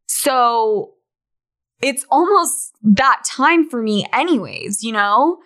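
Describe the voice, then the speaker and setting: A woman's voice: a little high, lively intonation, takes it slowly, a bit bright. Chatty young woman podcasting. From Salt Lake City, Utah, USA. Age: 20s. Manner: candid, chatty, swears freely, says "like" often. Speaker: podcast host. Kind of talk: casual monologue.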